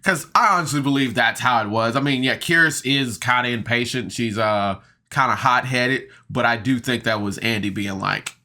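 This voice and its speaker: Male podcast reviewer, bright tone, mid-range pitch, chatty and enthusiastic recap. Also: moderate pace, few pauses. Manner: chatty and enthusiastic, many fillers and laughs. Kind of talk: casual episode recap.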